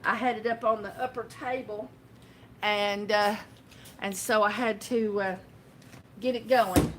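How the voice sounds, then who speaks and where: A woman's voice: mid-range voice, fairly even intonation, measured pace, fairly bright tone, a little hiss or hum. A woman chatting casually to her viewers, rambling with lots of fillers and restarts, recorded by a camera on a tripod. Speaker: soap-making vlogger.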